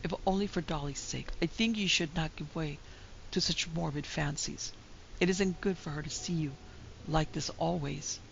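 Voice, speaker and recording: A woman's voice: low voice, normal speed, creaky, a little hiss or hum. A woman reading the part of a brusque, blunt young woman who scolds her friend impatiently, in a dull lo-fi recording. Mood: scolding.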